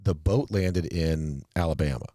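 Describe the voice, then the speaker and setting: A man co-hosting a casual movie-review podcast, talking in long, animated, rambling stretches. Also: a bass voice, measured pace, dry recording, clean studio sound. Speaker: podcast co-host.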